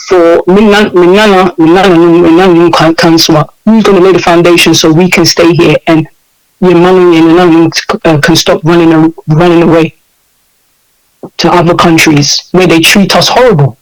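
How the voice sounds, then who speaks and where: A man's voice: high-pitched, rough recording. A man from the UK with an English accent, giving an impassioned interview and repeating his points emphatically. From United Kingdom. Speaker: interview guest.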